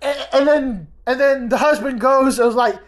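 A woman hosting a casual podcast, telling a family story in a rambling, animated way with many restarts. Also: high voice, moderate pace. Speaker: podcast host.

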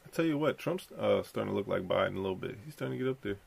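A man's voice: on the low side, expressive, very fast, creaky, breathy edge. A young man hosting a podcast, rambling and profane as he reacts to clips and tells a story. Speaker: podcast host. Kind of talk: casual commentary reacting to clips.

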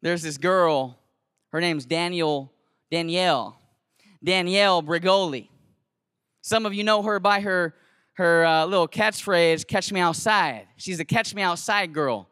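A man who teaches, telling a story to an audience in an animated, slangy, conversational way with lots of restarts. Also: sits high, unhurried, smooth, no echo, studio quality. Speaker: teacher and camp cabin leader.

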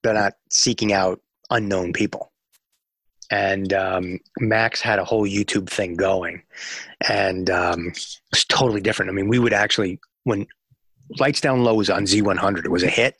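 A man's voice: deep voice, moderate pace, slightly rough, no echo. A man telling a long story in an interview, acting out the voices of the people in it. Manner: animated storyteller acting out dialogue. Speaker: music radio promotion executive.

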